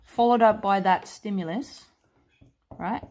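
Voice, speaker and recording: A woman's voice: mid-range voice, unhurried, darkish tone. Chatty Australian woman dog trainer. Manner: chatty, checks in with "right?" and "okay". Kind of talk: casual whiteboard explanation. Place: training room with a whiteboard.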